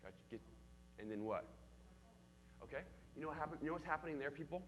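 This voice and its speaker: A man's voice: on the high side, animated, fast talker, in a large hall, slight background noise. A man leading a church youth group, teaching in an engaging way and calling on the young people by name with questions.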